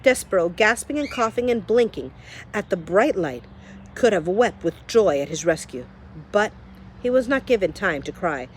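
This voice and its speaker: A woman reading a children's novel aloud in a lively storytelling manner, speaking to the listener. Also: mid-range voice, normal speed, slight background noise. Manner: lively storytelling, addresses the reader. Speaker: reader.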